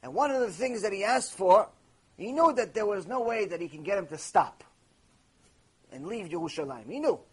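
A man's voice: sits high, lively intonation, normal speed, slightly rough. A man teaching Torah in a storytelling lecture, repeating phrases and mixing in Hebrew terms.

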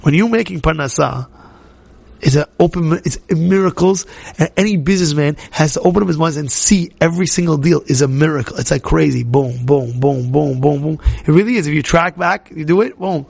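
Man teaching a casual Torah class, high gravelly voice, animated, repeats himself, quizzes the room. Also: normal speed. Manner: animated, repetitive, questions the audience directly. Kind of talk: informal Torah class talk to a live group.

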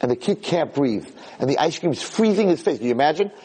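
A man, a rabbi, giving a lecture as an animated storyteller who acts out voices. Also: on the high side, fast, husky.

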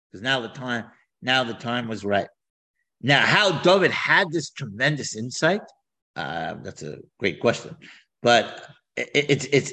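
Animated man teaching scripture. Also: medium pitch, low-quality recording. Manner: animated, with many repeats and restarts. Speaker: Torah teacher. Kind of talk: explaining scripture in a class.

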